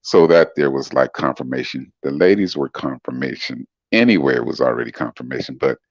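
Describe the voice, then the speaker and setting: A middle-aged man with a remarkably low, smooth voice and a gravelly edge talks easily on a livestream, greeting commenters and chuckling. The stream audio is dull and lo-fi, with a dry, close sound. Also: expressive, a little fast, dry recording. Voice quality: very deep smooth voice. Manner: laid-back, chuckling, greets commenters by name. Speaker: livestream guest reading chat comments. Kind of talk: casual livestream chat.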